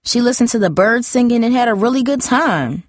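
A woman reading a novel aloud, voicing a defensive, chatty fourteen-year-old girl with high, emphatic outbursts. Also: animated, a little fast, no echo, studio quality.

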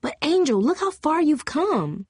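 A woman's voice: sits high, very animated, measured pace, no room sound, studio quality, pitched above the performer's own voice. A woman reading an audiobook, voicing a loyal, plain-spoken teenage girl who talks in earnest, casual slang. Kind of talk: audiobook character voice.

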